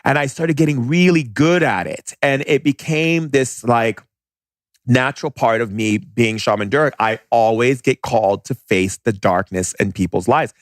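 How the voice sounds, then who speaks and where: A man talking as a podcast guest in casual storytelling. He speaks bluntly and animatedly, in quick bursts with restarts. His voice sits at a middle pitch, and the sound is dry, with no room echo.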